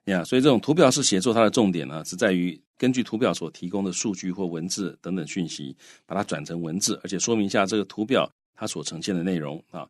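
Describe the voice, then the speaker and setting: A man's voice: deep voice, quick pace, few pauses, no echo, clean studio sound. A man whose first language is Mandarin, co-hosting an English lesson and explaining in Mandarin with English words mixed in. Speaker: co-host teacher. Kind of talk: bilingual radio English lesson.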